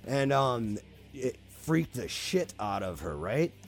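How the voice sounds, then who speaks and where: A man's voice: medium pitch, very animated, slow pace, soft background music. A man casually telling a spooky story on a podcast, swearing freely and talking animatedly.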